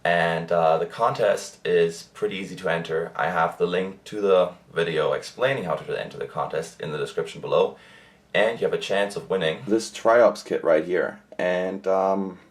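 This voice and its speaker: A young man from Germany with a very low, deep voice, chatting to camera about his pets. He rambles loosely, full of fillers and restarts. The delivery is relaxed and casual. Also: moderate pace. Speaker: pet vlogger. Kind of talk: casual monthly update vlog.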